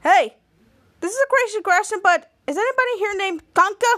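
A woman hosting a podcast casually retells a TV episode, acting out the characters' lines with lively voices. Her voice is extremely high-pitched and fairly quick.

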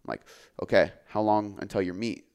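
A man who works as a fitness coach, talking casually on a podcast, relaxed and full of filler words. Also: fairly low pitch, brisk, smooth. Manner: relaxed, filler-heavy, says "like" often.

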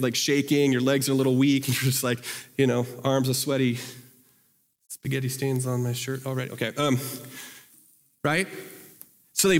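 A man's voice: medium pitch, in a large hall. A man preaching a sermon and reading scripture aloud, talking casually and asking the congregation questions. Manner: conversational, asks the congregation questions. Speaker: pastor.

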